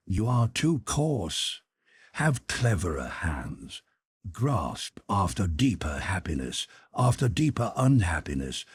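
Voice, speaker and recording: A man giving a dramatic, declamatory audiobook reading, slowing down and sometimes dropping into a whisper. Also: low voice, darkish tone, husky, no room sound, clean studio sound. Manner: slow, declamatory delivery with dips into whispers. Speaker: audiobook narrator.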